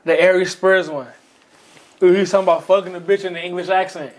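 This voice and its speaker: A man's voice: high voice, fast. A young man in casual chat, telling stories with lots of laughter. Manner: animated storyteller, laughs often.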